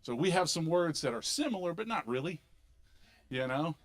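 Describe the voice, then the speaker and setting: A middle-aged man from Philadelphia with a Philly accent, doing an animated, punchy stand-up comedy set on a club stage. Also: a little high, normal speed. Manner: animated, punchy delivery with sudden loud bursts.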